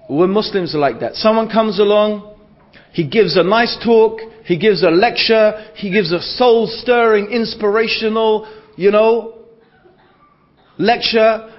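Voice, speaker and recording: A man giving a religious lecture to an audience, rhetorical and repeating phrases for emphasis. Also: high-pitched. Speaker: Islamic lecturer. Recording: dull lo-fi lecture recording.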